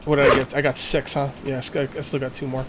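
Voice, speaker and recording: A man's voice: mid-range voice, little pitch movement, quick pace, noisy background. A man casually commenting while playing a survival game, thinking aloud and making jokey asides. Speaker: let's play gamer.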